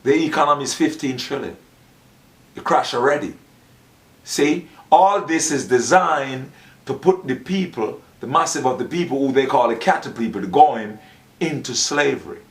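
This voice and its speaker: A Rasta speaker delivers a casual, rambling, preachy monologue, acting out the dialogue he quotes. His voice is medium-pitched and his speed normal.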